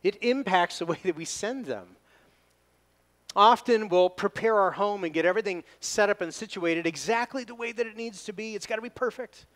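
Man, pastor, expository sermon, emphatic delivery, slows for scripture, slightly higher voice. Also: fairly bright tone.

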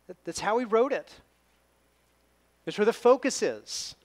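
A pastor preaching an expository sermon, leaning hard on key words and slowing down when he reads scripture. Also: high voice, expressive. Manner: emphatic, slows down to stress scripture readings.

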